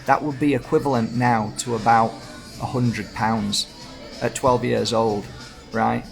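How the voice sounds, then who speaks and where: A man's voice: mid-range voice, fairly even intonation, unhurried, creaky, music in the background. A man in his fifties with a Yorkshire accent, casually rambling through anecdotes full of reported speech. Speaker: host. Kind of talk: casual storytelling chat.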